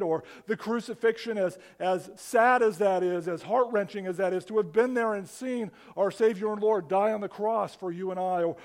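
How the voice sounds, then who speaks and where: A man with a strikingly high voice preaches to his congregation. His delivery is animated and conversational, with repeated restarts as he builds his points. The pacing of a live sermon comes through in how he talks. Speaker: pastor.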